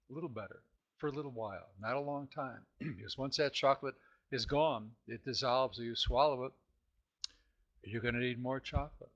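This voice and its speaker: Husky throat-clearing man podcasting. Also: mid-range voice, normal speed, a bit bright, dull audio. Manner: frequent throat clearing, rhetorical questions. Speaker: podcast host and self-help author. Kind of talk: casual self-help podcast talk.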